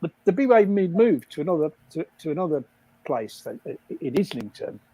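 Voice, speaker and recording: A man's voice: a little high, big pitch swings, a little fast, warm tone, slightly rough, no room sound, low-quality recording. An older man casually telling rambling stories, laughing often at his own jokes. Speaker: guest storyteller.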